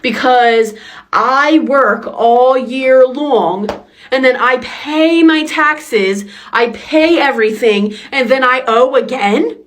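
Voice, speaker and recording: A woman's voice: high voice, slow. A young adult woman in a ranting social media clip, indignant and asking the same question over and over.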